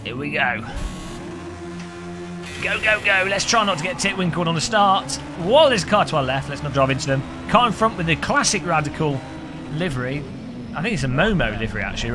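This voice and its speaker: Brief: male streamer, high, very animated voice, jokey race commentary over loud game noise. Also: brisk, pauses often. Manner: excitable, jokey banter with chat. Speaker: live streamer. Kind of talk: live sim racing commentary. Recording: game engine noise behind voice.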